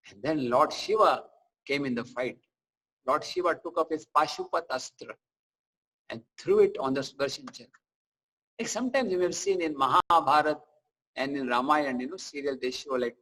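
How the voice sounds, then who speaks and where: A man giving a scripture class, telling stories in a chatty, animated way with asides to listeners. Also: on the high side, low-quality recording. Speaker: preacher.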